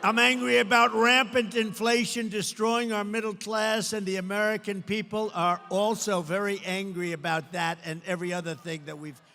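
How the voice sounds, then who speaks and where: An older man giving an emphatic, repetitive campaign rally speech, sometimes shouting, recorded in a large indoor venue through a podium mic. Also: high voice, little pitch movement, normal speed, gravelly, hardly any pauses, faint music behind. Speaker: political candidate. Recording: long hall reverb, faint crowd ambience.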